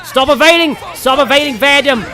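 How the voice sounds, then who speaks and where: An Australian man commentating his gameplay livestream in a loud, over-the-top pitchman voice he keeps up as a bit. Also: brisk, faint music behind. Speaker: streamer.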